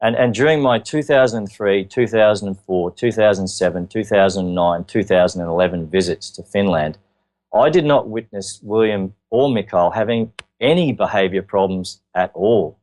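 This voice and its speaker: Halting Australian man, lowish voice. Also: darkish tone. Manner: halting, earnest, many filler words. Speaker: interview guest. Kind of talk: telling his story in an interview.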